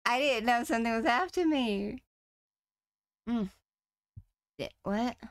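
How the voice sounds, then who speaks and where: A woman's voice: fairly high pitch, lively intonation, slow pace, long pauses, no room sound, clean studio sound. A woman playing a horror game and talking to herself as she plays, nervous and chatty, then signing off to her viewers. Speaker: gaming channel host.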